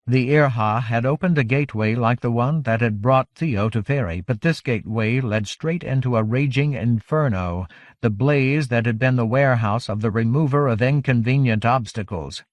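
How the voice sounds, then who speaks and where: A male audiobook narrator reads in a measured, even way at a middle pitch. The sound is close and dry, with no room around the voice. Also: no room sound.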